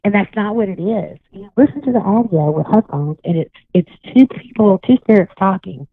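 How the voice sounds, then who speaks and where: A woman's voice: mid-range voice, expressive, moderate pace, husky, no echo. A woman guest on a radio call-in show, telling a long rambling story full of restarts. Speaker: guest psychic and paranormal investigator. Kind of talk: casual radio chat. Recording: tinny phone line, dry.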